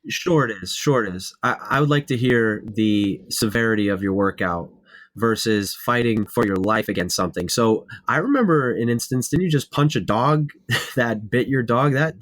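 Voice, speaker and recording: A man's voice: mid-range voice, normal speed, fairly bright tone. A man co-hosting a casual podcast, asking questions and arguing his point. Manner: probing, asks questions and argues his point. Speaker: podcast co-host.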